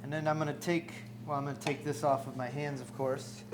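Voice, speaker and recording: A man's voice: fairly high pitch, level tone, a little fast, noisy background. A man hosting a cooking show in a studio kitchen, walking through a recipe step by step in an upbeat, joking way. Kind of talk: on-air cooking demonstration.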